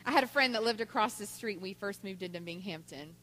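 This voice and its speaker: A woman giving a Mother's Day talk in church, telling stories with lively voiced quotes. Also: mid-range voice, fast talker, a little hiss or hum. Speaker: church speaker. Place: church sanctuary. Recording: long church hall reverb.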